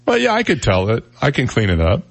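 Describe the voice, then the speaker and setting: A man's voice: medium pitch, huge pitch swings, fast talker, creaky, no echo. A man hosting a radio talk show, chatting casually and telling jokes in a rambling, self-deprecating way. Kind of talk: casual on-air chat and joke telling. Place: radio studio.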